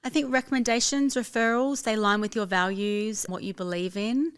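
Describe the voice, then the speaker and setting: A woman's voice: fairly high pitch, steady tone, brisk, smooth. A woman with an Australian accent, a business founder telling her story as a guest in a casual interview, upbeat and chatty. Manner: upbeat, chatty, quotes herself and others. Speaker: guest, fashion label founder.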